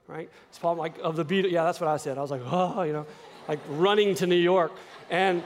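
A man in his fifties telling a story in a sermon, acting out the dialogue with rising excitement. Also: high voice, a little fast. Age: 50s.

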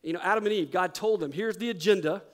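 A middle-aged male pastor preaching a sermon, telling a story with animated delivery that drops to hushed intensity. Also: high-pitched, quick pace.

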